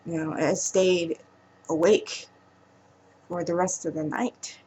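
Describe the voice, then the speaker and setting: Low, flat-voiced woman vlogging. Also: slight background noise, poor audio. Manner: halting and emotional, trailing off with pauses. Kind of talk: personal monologue to camera.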